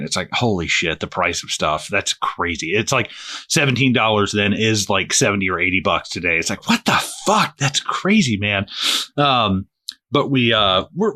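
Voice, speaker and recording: A man co-hosting a movie podcast in casual chat, animated and profane, laughing often. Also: fairly low pitch. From United States. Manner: animated, swearing, laughs often, slips into loud impressions. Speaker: podcast co-host.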